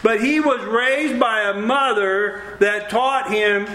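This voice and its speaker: A man preaching a sermon, telling lively stories with acted-out dialogue. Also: high voice, slow pace, a little hiss or hum. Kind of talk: sermon with storytelling. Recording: roomy echo.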